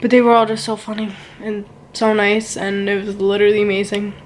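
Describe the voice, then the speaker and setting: Gushing young woman with a flat voice. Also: mid-range voice, fairly quick, slight background noise. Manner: gushing, rambling, heavy use of "like" and "so good". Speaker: vlogger. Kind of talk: casual storytime vlog.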